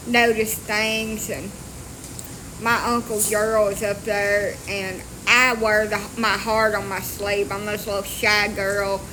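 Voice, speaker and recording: This woman's voice sits in the mid range, bright and forceful, with slight background noise. Outdoors on rural property with dogs, the vlogger tells a story to her phone in a casual, blunt, salty, self-mocking way.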